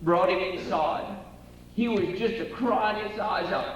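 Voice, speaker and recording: A man's voice: high voice, a little slow, muffled recording. A man with a Cajun accent telling a comic story on a theater stage, drawling and folksy. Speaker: comedian. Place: theater stage before an audience. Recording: very echoey hall, from far off, faint noise.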